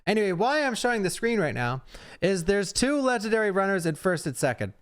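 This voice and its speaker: Young male streamer, casual reaction commentary, smooth clear voice, slightly higher pitch, chatty with fillers. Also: very animated. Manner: chatty, fast asides, frequent fillers.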